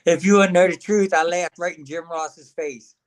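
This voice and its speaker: A man's voice: high voice, steady tone, moderate pace. A man, a guest telling stories in a folksy, laughing way. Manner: folksy, laughs often, acts out quotes. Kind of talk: casual storytelling chat.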